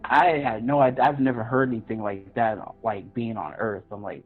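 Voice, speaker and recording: A man's voice: medium pitch, normal speed. A man, a podcast guest, earnestly telling a personal story and acting out his own past reactions in a raised voice. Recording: tinny phone-line audio with faint music.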